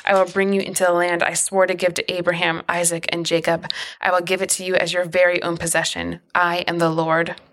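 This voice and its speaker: Solemn commanding divine voice, low and even, all firm declarations, read by a woman. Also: a little fast.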